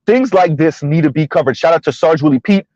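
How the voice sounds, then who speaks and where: A man's voice: on the high side, fast talker, darkish tone, dry recording, dull audio. A man hosting a casual commentary channel while driving, chatting loosely, laughing often and tagging sentences with "right?". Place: inside a car on the road.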